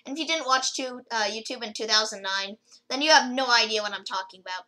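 A woman's voice: on the high side, fairly quick, sharp tone, low-quality recording. A woman rambling casually through a gameplay video, with lots of fillers and restarts as she comments. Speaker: gaming video creator.

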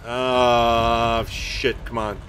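A man's voice: mid-range voice, flat delivery, extremely slow, a bit bright, slight background noise. A father streams a tank battle game from his basement. He talks casually and self-mockingly to his chat and blurts out curses between friendly remarks. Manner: chatty, self-mocking, swears and blurts out during play. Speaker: gaming streamer. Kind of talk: casual live-stream commentary while playing. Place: home basement.

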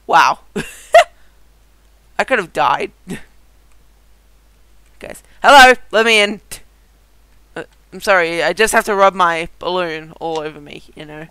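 A gaming video host giving excited let's-play commentary, chatty with viewers, giggling and yelping at surprises. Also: medium pitch, unhurried, long pauses, clean tone, dry recording, rough recording. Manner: chatty, talks straight to viewers.

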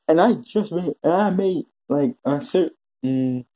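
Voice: mid-range voice, lively intonation, measured pace, mellow, slightly rough. A vlogger ranting in a profane, exasperated way, repeating himself and restarting his sentences often. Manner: repetitive, with frequent restarts. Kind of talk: ranting commentary vlog.

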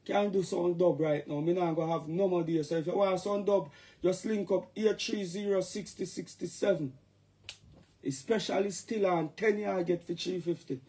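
A Jamaican man chatting loosely on a live stream, his voice sitting high for a man. He rambles and jumps between topics, now and then bursting into loud catchphrases. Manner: rambling, playful, shouts catchphrases. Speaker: dancehall artist talking to fans. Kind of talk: casual live-stream chat.

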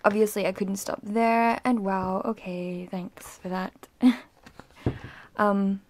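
A young woman filming an excited, rambling unboxing vlog, often dropping to an awed whisper. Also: medium pitch, slow pace. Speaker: vlogger unboxing an album.

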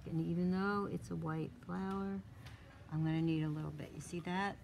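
A woman's voice: fairly low pitch, steady tone, normal speed, gravelly, darkish tone, slight background noise. A woman instructor giving a live drawing demonstration to a small class, thinking aloud as she works and coaxing with short repeated cues.

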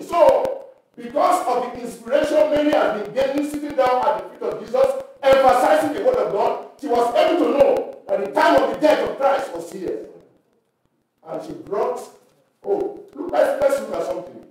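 A man leading a Bible teaching for church workers, reading scripture aloud and quizzing his listeners with questions. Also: very high-pitched. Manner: preacherly, asks the audience questions and reads scripture aloud. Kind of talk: Bible teaching at a leadership meeting. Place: church hall. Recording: echoey hall recorded from far off.

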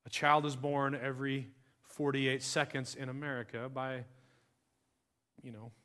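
A man preaching a sermon as pastor, talking conversationally and swinging between soft asides and emphatic lines. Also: mid-range voice, little pitch movement, unhurried.

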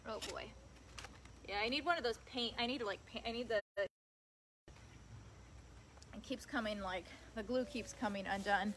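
A woman's voice: a little high, moderate pace, pauses often, poor audio. Young woman, casual livestream host, chatty and talking straight to viewers, outdoors with heavy sanding noise. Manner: chatty, talks to viewers and reads their comments. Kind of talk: casual live chat while working. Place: outdoors on grass. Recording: loud sanding noise in background.

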